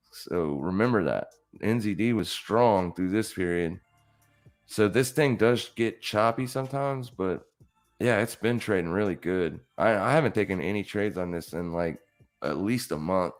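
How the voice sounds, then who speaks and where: A man hosting a live trading stream, talking through charts in a blunt, casual coaching way, repeating himself for emphasis. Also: low-pitched.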